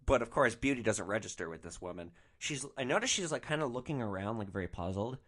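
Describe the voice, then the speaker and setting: Animated, bright-voiced man telling stories. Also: on the low side, fast talker, few pauses. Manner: animated, profane, exasperated. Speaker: podcast host, rideshare driver. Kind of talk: comic storytelling.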